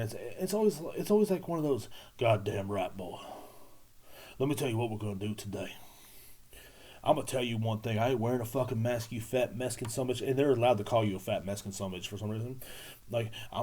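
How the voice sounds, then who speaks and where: A young man rambles through a solo podcast, swearing freely and leaning on sarcasm. His voice is warm and mellow, at an ordinary middle pitch, and he keeps circling back with "man" and "you know" between loose thoughts. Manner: profane, rambling, sarcastic, with frequent fillers. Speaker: podcast host.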